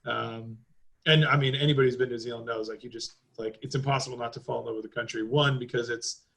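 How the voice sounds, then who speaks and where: A man's voice: mid-range voice, steady tone, fast, creaky, a bit bright, rough recording. A man on a podcast as a guest, chatting casually in a rambling way, with lots of fillers and loose swearing. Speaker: podcast guest, driving school owner.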